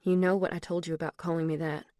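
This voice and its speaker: A woman's voice: on the low side, little pitch movement, quick pace, darkish tone, no room sound, clean studio sound, natural voice. A woman reading an audiobook, voicing a guarded young woman who talks in a cool, matter-of-fact way. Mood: irritated.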